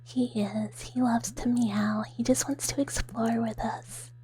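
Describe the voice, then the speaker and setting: A woman streamer doing a whispered role-play, chatting softly with viewers in a breathy whisper and giggling often. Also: on the high side, fairly even intonation, takes it slowly, a little hiss or hum. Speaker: ASMR streamer.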